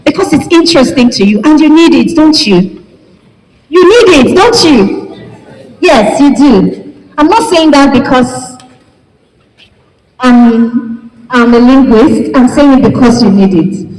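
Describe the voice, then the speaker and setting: A woman from Nigeria teaching an English class, speaking slowly and emphatically and spelling words out letter by letter. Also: high-pitched, lively intonation, a little mellow. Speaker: English lecturer. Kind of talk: classroom lecture. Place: large lecture hall. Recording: echoey lecture hall, long reverb.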